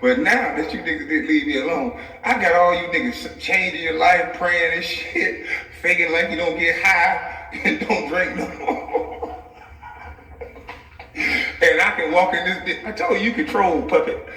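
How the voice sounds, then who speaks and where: A man's voice: a little high, fairly even intonation, measured pace, long pauses, sharp tone, distant mic. A man vlogging straight to camera in a profane comic rant, laughing often as he talks. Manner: laughs often mid-sentence, loose and profane. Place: home office. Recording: echoey room, voice set back from the mic.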